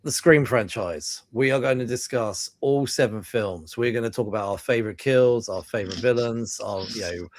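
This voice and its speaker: A man with a London accent hosting a casual film podcast, chatty and quick to laugh, with plenty of fillers and restarts. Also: medium pitch, no room sound. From England. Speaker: podcast host.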